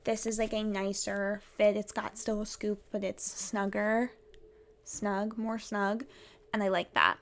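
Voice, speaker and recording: A woman's voice: mid-range voice, level tone, measured pace. A woman vlogging about theatre in a chatty, rambling way, laughing often. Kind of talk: casual vlog chat.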